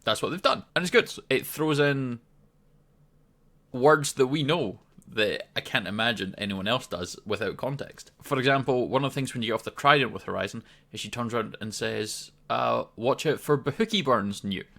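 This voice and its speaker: A Scottish man talks through a video game update in an easy, rambling way, dropping in ums and restarting his sentences as he goes. His voice is bright and sharp-edged, pitched at an everyday middle level for a man. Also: moderate pace, creaky. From Scotland. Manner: chatty, loose, frequent ums and restarts. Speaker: gaming video host. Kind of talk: casual game commentary to camera.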